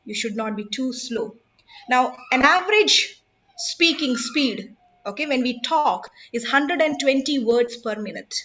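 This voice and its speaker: Lady teaching public speaking, high voice, muffled lo-fi call sound, asks the group stuff. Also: lively intonation, unhurried, sharp tone. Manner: emphatic, instructive, asks the audience questions. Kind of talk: online workshop talk.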